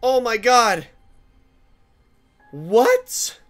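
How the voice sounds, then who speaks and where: A gamer giving excitable, swear-filled commentary while playing, with loud outbursts. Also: medium pitch, extremely slow, soft background music. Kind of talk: gameplay commentary.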